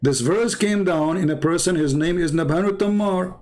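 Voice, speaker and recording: A man's voice: high-pitched, moderate pace, darkish tone. A man in a heated debate, insistent and repeating himself, quoting and reading text aloud.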